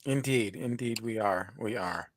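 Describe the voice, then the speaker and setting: A man co-hosting a live stream, self-deprecating and quick to answer with short agreeing replies. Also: lowish voice, dry recording, studio quality. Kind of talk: casual live-stream chat.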